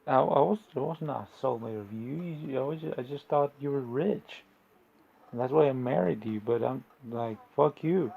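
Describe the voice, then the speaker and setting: A man voicing a brash, scornful gold-digging young wife, slinging loud slangy insults, on a slightly dull recording. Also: mid-range voice, moderate pace, gravelly, slightly rough. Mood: contemptuous.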